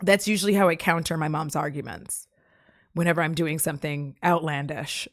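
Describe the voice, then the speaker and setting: A woman's voice: low voice, steady tone, normal speed, fairly bright tone, no echo, clean studio sound. A woman chatting casually on her live stream, rambling from topic to topic and cracking jokes and puns. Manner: jokey, rambling, fond of puns. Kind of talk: casual chat.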